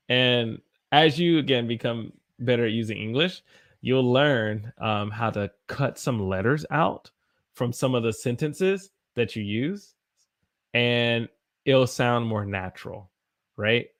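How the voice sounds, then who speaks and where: Young American male teacher, casual live-stream chat, slightly gravelly voice, animated. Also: mid-range voice, a little slow. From United States. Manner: chatty, animated, greets viewers by name.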